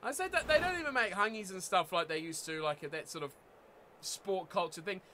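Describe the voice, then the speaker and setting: A man with a New Zealand accent giving excitable live commentary while playing a rugby video game, often yelling at the screen. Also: sits high, a little fast, a little hiss or hum. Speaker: gaming YouTuber.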